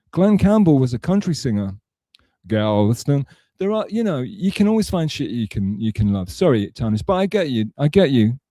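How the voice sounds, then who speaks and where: A man's voice: medium pitch, mellow, no echo, studio quality. Rambling man chatting on a livestream. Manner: rambling, profane, self-correcting. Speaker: livestream host. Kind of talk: casual rambling chat to viewers.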